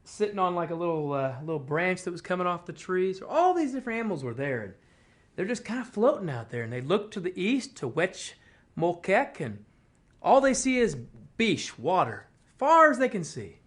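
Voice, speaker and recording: Storyteller, casual folk tale, lively swooping pitch, conversational, acts out the characters. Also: normal speed. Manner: folksy and conversational, full of "kinda" and "you know"; acts out the animals' quoted talk. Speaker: tribal language department storyteller.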